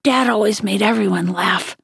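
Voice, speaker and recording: A woman reading a children's novel aloud in a steady storytelling manner. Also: mid-range voice, moderate pace, creaky, husky, dry recording, studio quality. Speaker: reader.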